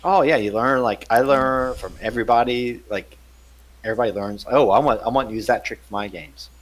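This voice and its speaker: A man's voice: mid-range voice, brisk, low-quality recording. A man who plays tabletop games, rambling in casual podcast chat and repeating words as he thinks aloud. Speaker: tabletop game player.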